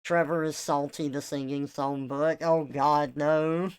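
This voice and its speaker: A woman with a Southern US accent chats casually with her stream audience, taking her time over each thought. Her words come out a little mumbled and soft. Her voice sits on the low side and has a smooth, clean tone. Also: steady tone, measured pace. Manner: slightly mumbled, soft pronunciation. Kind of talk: casual live-stream chat.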